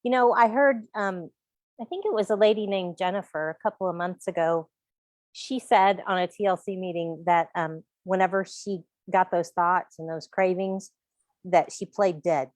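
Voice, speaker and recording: Low-voiced woman, dry close sound. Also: steady tone, moderate pace, a little mellow, no echo. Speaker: panelist on a sobriety podcast. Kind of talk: casual panel discussion.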